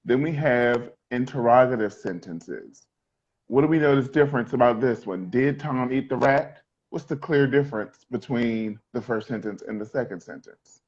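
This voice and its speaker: A man's voice: medium pitch, moderate pace, a little mellow, husky. Joking male teacher, dull audio. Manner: joking, explanatory, asks students questions. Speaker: middle school teacher. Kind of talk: classroom lesson.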